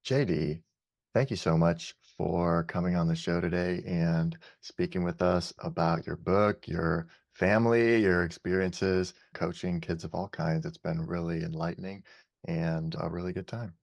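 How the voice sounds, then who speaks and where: Deep-voiced male podcast host. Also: steady tone, unhurried, gravelly, no echo. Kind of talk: podcast interview.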